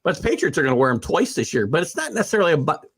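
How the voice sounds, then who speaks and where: A man's voice: a little high, very animated, rapid-fire, fairly bright tone, husky. A man hosting a casual sports talk show, opinionated and rambling, with lots of fillers and restarts.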